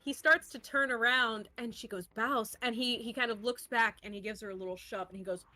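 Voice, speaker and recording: A woman's voice: a little high, fairly even intonation, a little fast, pushed and bright. A woman narrating a tabletop game as game master, chatty and full of fillers.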